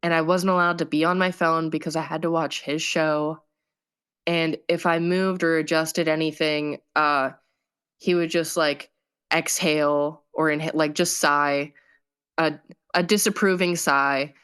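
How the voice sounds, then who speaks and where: Low-voiced woman sharing her story. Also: fairly even intonation, measured pace, a bit bright, clean tone. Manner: casual, heavy on fillers. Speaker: guest telling her story. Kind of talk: personal testimony.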